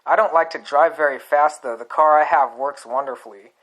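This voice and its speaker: A man's voice: fairly high pitch, brisk, a bit bright, rough recording. A man reading as a friendly aspiring actress.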